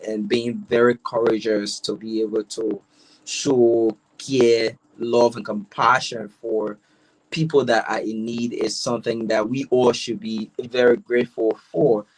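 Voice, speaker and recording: Liberian-accented man as talk show host, friendly and teasing, average pitch. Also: level tone, unhurried, low-quality recording. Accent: Liberian English. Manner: friendly, teasing, repeats words. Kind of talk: casual interview chat.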